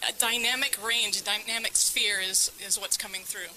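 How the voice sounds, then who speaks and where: A woman in the audience speaks in a very bright, clear voice. She is playful and confident as she asks her question. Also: medium pitch, fairly even intonation, normal speed, a little hiss or hum, low-quality recording. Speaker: audience member asking a question. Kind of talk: live Q&A.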